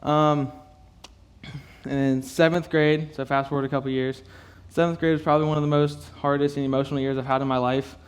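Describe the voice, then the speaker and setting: Speaking in a mid-range voice with little pitch movement, a young man haltingly shares his personal testimony with a youth group. Fillers and nervous laughter pepper his words as he comes close to tears.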